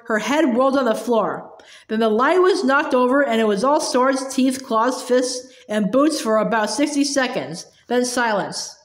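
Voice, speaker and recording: A woman reading a novel aloud as narrator, steady with occasional stumbles, in a roomy space. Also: sits high. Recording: roomy echo.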